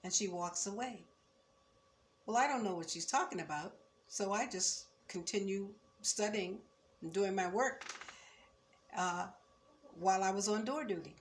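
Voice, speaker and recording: An older woman in her seventies recalling her student years in a measured, reflective oral-history telling, turning firm when she speaks of injustice. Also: mid-range voice, slight background noise. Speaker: former student recounting memories.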